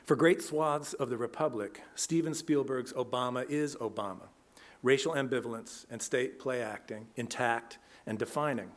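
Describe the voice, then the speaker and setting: A man giving an academic lecture in a measured way, reading from a text. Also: mid-range voice.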